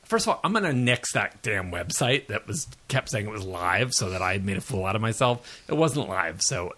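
Man, lowish voice, casual podcast chat, rambling, filler-heavy, self-deprecating, jet-lagged. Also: very animated, moderate pace, pushed and bright. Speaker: podcast co-host. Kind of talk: casual pop culture chat.

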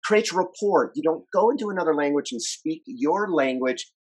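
A man who grew up in France, coaching on relationships in a casual podcast chat, instructive and energetic, often repeating words. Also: fairly high pitch, moderate pace, slightly rough, poor audio.

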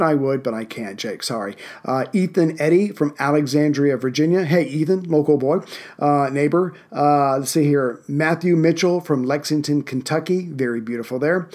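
A man with a fairly high speaking voice hosts a history podcast. His delivery is steady and measured, with an easygoing feel. He sounds like he is recording in a home setup. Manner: easygoing, with many ums and uhs in the chatty parts. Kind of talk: podcast narration.

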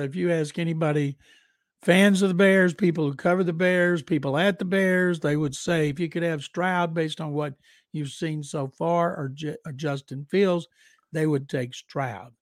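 A man co-hosts a football podcast with a slightly high voice. He gives calm, matter-of-fact analysis. The sound is dry and close. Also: dry recording. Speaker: football writer and co-host. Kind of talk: casual sports podcast chat.

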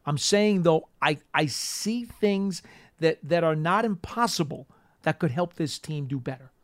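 An energetic man hosts a sports talk radio show, with a slightly high voice. He talks with emphasis and builds as he gets excited. The studio sound is dry and close. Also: unhurried, no room sound.

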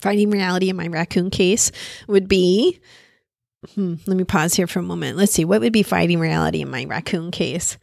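Woman therapist with a gravelly edge. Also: fairly low pitch, brisk, darkish tone, dry recording, studio quality. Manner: conversational, thinking aloud. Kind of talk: casual teaching talk.

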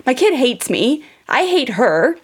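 A woman's voice: high-pitched, sing-song, a little slow, slightly rough. A woman in her thirties, a parenting podcast host, candidly telling a personal story to her listeners, full of casual fillers. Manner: candid, confessional, frequent "like" fillers.

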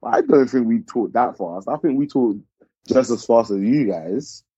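A man's voice: medium pitch, lively intonation, normal speed, dark tone, breathy edge, no echo. A man with a South London accent chatting casually, hedging and thinking aloud. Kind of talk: casual chat. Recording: dull lo-fi dry sound.

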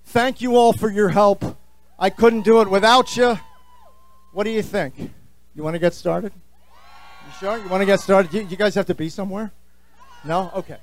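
A middle-aged man with a New Jersey accent, hosting a podcast in an animated, jokey, opinionated way on stage. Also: high-pitched. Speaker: podcast host. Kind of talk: live stage address to fans.

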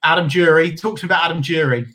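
A man's voice: fairly high pitch, racing, fairly bright tone. A man hosting a casual football interview, asking chatty, leading questions.

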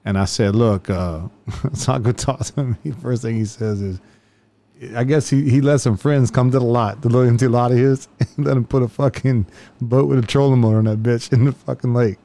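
A man's voice: mid-range voice, fairly even intonation, fairly quick, dark tone. A man, a police officer telling profane stories in casual chat, laughing as he goes. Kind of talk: casual podcast storytelling.

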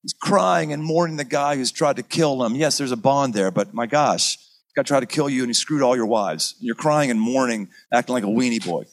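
Animated man giving a sermon. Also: mid-range voice, brisk, poor audio. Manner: animated, dramatic, acts out scenes. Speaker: pastor. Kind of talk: sermon-style teaching.

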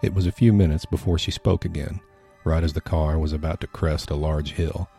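A man narrating a scary story for a podcast in a steady, measured reading. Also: rumbling low, creaky, breathy edge, faint music behind. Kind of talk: scripted horror story narration.

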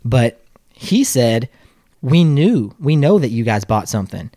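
A man hosting a casual podcast chat, telling a short story and asking relaxed questions. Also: mid-range voice, measured pace, no echo, studio quality. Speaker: podcast host.

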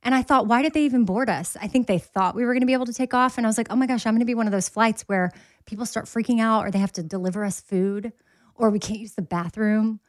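A woman's voice: on the high side, quick pace, no echo, studio quality. A woman co-hosting a podcast in casual chat, upbeat and matter-of-fact. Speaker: podcast co-host.

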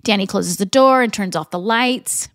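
A woman's voice: medium pitch, moderate pace, a bit bright, no room sound, clean studio sound. A woman co-hosting a podcast, retelling a TV episode scene by scene and reading the characters' lines aloud with chatty asides. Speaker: podcast co-host. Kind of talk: episode recap narration.

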